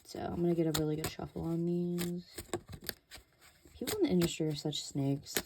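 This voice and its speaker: A woman's voice: lowish voice, flat delivery, normal speed, heavy background noise. A woman giving a casual tarot reading, chatty and loose, with many fillers and casual swearing. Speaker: tarot reader.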